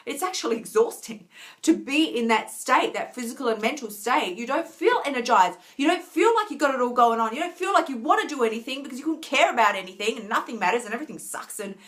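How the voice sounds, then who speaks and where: A tired, emotional woman coach talking earnestly to viewers on a live stream, restarting often and laughing softly. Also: fairly high pitch, animated, quick pace. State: tired, near tears. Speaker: wellness coach.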